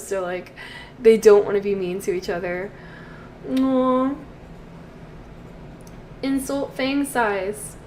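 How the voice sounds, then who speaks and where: A woman's voice: fairly high pitch, darkish tone, a little hiss or hum. A woman giving casual commentary over a life-sim game, chatty and storytelling, with trailing fillers. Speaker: let's play host.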